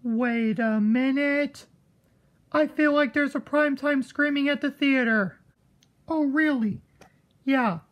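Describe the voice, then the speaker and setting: A woman's voice: high-pitched, slow. A woman improvising a rambling skit with stuffed animals, switching between characters and chuckling. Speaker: puppeteer voicing stuffed animals.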